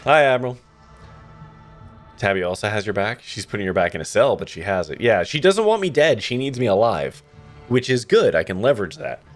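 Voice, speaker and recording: Lively low-voiced male streamer. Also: a little fast, soft background music. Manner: reads narration then reacts with swearing and wry asides. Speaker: streamer playing a story game. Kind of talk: live let's-play commentary, reading the game text aloud.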